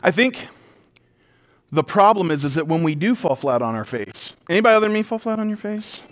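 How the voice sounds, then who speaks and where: A man preaching a sermon as a pastor, animated and emphatic, moving between loud declarations, quiet intensity and humorous storytelling. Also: high-pitched, fairly quick. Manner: conversational storytelling with self-deprecating humor.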